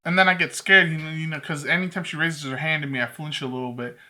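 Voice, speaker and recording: A man's voice: fairly high pitch, fairly even intonation, fast, pushed and bright, faint music behind. A man with a lisp, joking and rambling as he reacts to a video. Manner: rambling, jokey, talks to the screen.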